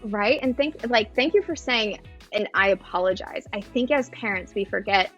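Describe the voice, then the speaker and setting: A woman's voice: medium pitch, moderate pace, a bit bright, breathy edge, soft background music. A woman in her thirties, a mother talking on a podcast in a thoughtful way with many fillers and restarts. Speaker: podcast guest. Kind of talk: casual podcast chat.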